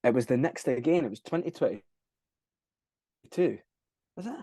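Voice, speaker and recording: A man's voice: medium pitch, lively intonation, brisk, warm tone, slightly rough, no echo. A young Scottish man, a band frontman, chatting casually as a podcast guest, rambling, swearing freely and losing track of dates. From Scotland. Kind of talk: casual interview chat.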